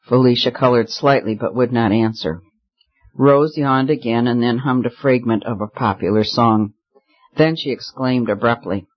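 A man narrating a novel in a steady, measured way. His voice sits at an ordinary middle pitch. The recording sounds slightly muffled and dull. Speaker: audiobook narrator. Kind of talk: scripted narration.

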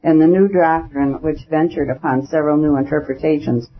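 A man narrating a classic novel in a measured, even storytelling manner. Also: fairly high pitch, slight background noise. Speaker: audiobook narrator. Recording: dull lo-fi recording.

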